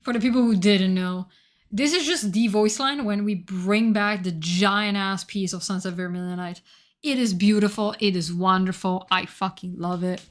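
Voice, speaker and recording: A woman streamer talks casually to her chat at a mid pitch. She is excitable and swears freely, rambling as she hunts through her notes. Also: moderate pace.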